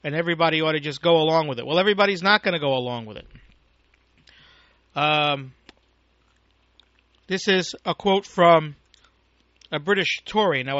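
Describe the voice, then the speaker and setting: A man's voice: fairly high pitch, moderate pace, pauses often, pushed and bright, no echo. Angry profane American man ranting. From United States. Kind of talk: political rant monologue. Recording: dull lo-fi recording.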